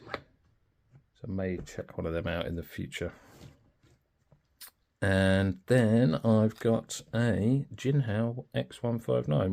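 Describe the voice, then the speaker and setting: A man's voice: lowish voice, creaky, mellow. A man chatting informally and thinking aloud in a casual pen review.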